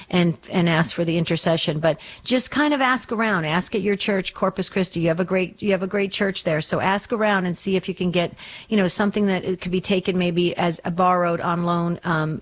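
A woman hosting a faith call-in radio show, talking earnestly and rambling with lots of ums and restarts. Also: fairly low pitch. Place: Arizona studio.

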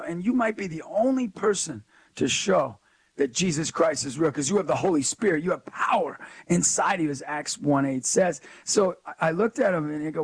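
A man sharing an emotional story in an interview, preaching with animated energy and acting out the dialogue. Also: fairly high pitch, fairly quick, breathy edge, dry recording. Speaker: youth speaker.

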